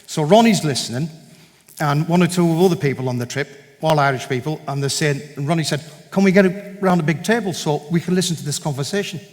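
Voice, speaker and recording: A man with a fairly high voice tells a personal testimony at a church event. He is an animated storyteller who acts out each bit of dialogue. He is recorded in a hall with a long, ringing reverb. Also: quick pace. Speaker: guest speaker giving a testimony.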